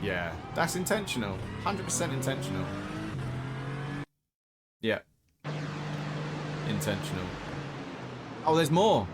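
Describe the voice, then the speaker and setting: Man, host reacting to racing clips, blunt, opinionated, ranting commentary, middle pitch. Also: very animated, takes it slowly, pauses often, music in the background. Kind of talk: casual commentary.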